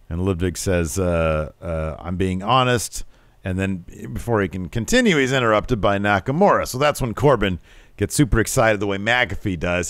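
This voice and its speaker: Low-voiced guy running through a wrestling show recap, dry close mic, gets animated doing the quotes. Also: dry recording. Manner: animated, mimics quoted wrestlers with pitch jumps. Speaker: podcast co-host.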